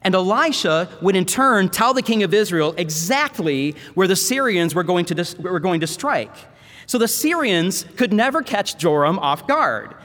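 High-voiced man preaching in an echoing hall. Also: sing-song, normal speed, fairly bright tone. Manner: dramatic storytelling, voices the Bible characters. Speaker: seminary professor preaching. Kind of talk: sermon. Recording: long hall reverb.

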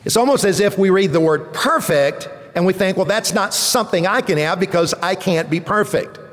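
A man's voice: high voice, normal speed. A man, a pastor, preaching a sermon with emphatic swells on key words. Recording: long church reverb.

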